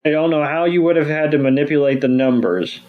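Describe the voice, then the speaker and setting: A man co-hosting a podcast in relaxed casual chat, swearing now and then. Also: on the high side, quick pace, phone-quality sound. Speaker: podcast co-host.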